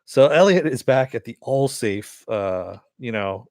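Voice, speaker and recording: A man's voice: mid-range voice, expressive, measured pace, darkish tone, no echo, clean studio sound. A man giving a rambling, casual spoken recap of a TV episode, full of "uh" and "you know" and offhand swearing. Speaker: TV episode reviewer.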